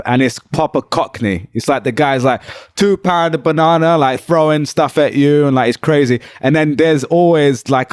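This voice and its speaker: A man co-hosting a casual podcast chat, laughing often and telling lively stories. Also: mid-range voice, no echo, clean studio sound. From England. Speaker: podcast co-host.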